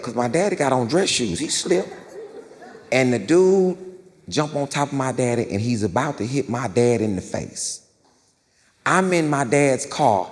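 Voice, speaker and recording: A man performing stand-up storytelling spins long, repetitive tales in a theater, animated throughout and breaking into loud, high-pitched quoted voices. The sound carries a long reverb with faint crowd ambience from the live venue.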